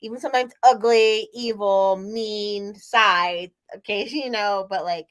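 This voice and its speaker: A woman's voice: medium pitch, unhurried. A woman co-hosting a podcast in casual chat, a little tipsy, rambling with lots of "like" and frequent laughs. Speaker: podcast co-host.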